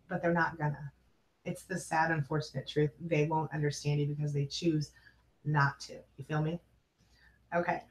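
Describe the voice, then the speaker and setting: Woman, live-stream host, chatty, affectionate, webcam mic, echoey room. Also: medium pitch. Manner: warm, chatty, calls viewers girl and honey. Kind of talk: live-stream chat reading viewer comments.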